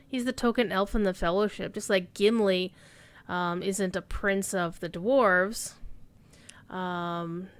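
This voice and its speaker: A woman's voice: mid-range voice, a bit bright, clear, resonant tone. A woman streaming a game, chatting casually and rambling as she thinks aloud. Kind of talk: casual gaming stream chat.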